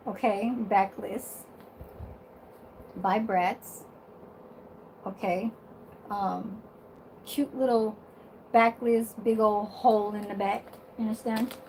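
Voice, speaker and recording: A high-pitched woman vlogging from her bedroom, talking straight to her viewers. She takes her time and drawls her words, sassy and blunt, with plenty of swearing and laughter. Her tone is casual and talkative throughout. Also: a little hiss or hum, low-quality recording.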